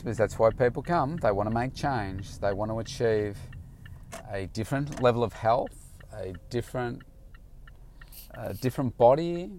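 A man, a personal trainer, telling a casual vlog story and acting out his own excited questions. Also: on the low side, a little hiss or hum. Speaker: personal trainer, daily vlogger.

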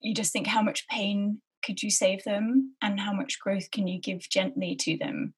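A woman hosting a casual podcast chat, effusive and quick to laugh. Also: mid-range voice, flat delivery, slightly rough. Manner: warm, effusive, laughs often.

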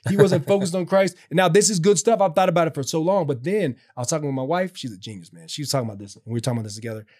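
A man talks earnestly about his faith in a casual conversation, rambling with lots of restarts and fillers. His voice is a little high and a little mellow, and he speaks very fast. The recording is dry and studio quality.

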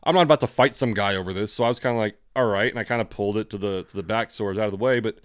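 Fast-talking casual podcast man, dry sound. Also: lowish voice, no echo. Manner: fast, rambling, swears freely. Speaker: podcast co-host. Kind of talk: casual chat.

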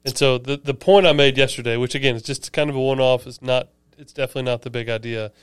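A man's voice: medium pitch, fairly even intonation, fast talker, clear, resonant tone, dry recording, clean studio sound. A man co-hosting a church podcast, chatting casually and enthusiastically about a sermon. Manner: conversational, enthusiastic, explains with asides. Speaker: podcast co-host, church staff.

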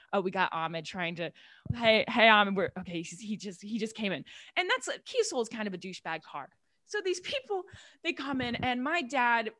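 A woman's voice: on the high side, a bit bright, no room sound. A young woman doing stand-up comedy in a small club, telling a rambling, profane story with lots of asides.

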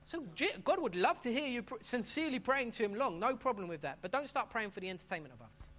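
A man's voice: very high-pitched, very animated, quick pace, fairly bright tone. Man preaching conversationally. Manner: conversational, repeats and restarts phrases. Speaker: pastor. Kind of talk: sermon.

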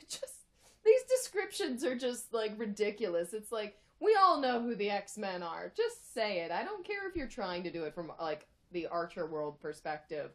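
A woman's voice: mid-range voice, big pitch swings, moderate pace, a bit bright, faint music behind. A young woman reading a fan fiction aloud for laughs, breaking off into sarcastic, rambling asides.

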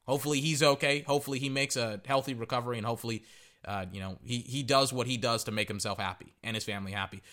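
A man's voice: medium pitch, fast talker. A man hosting a sports podcast, chatting casually and rambling through play-by-play with frequent restarts. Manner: rambling, restarts, excited outbursts. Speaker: podcast host.

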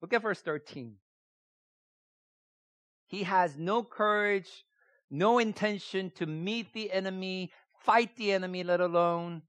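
A man's voice: high voice, a little slow, pauses often, a bit bright, no room sound. A man preaching a sermon, emphatic and repeating key phrases, often putting rhetorical questions to his listeners. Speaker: pastor.

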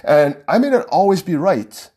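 A man's voice: high voice, big pitch swings, normal speed, dark tone, slightly rough. A man who works as a wedding vendor, talking straight to brides in an outspoken, heated rant that repeats points for emphasis. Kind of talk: ranting direct-to-camera vlog.

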